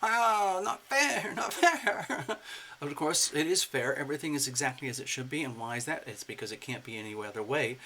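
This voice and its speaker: A man giving a casual spoken tarot reading in an expressive, playful way, slipping into acted asides. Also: mid-range voice, a little hiss or hum. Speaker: tarot reader.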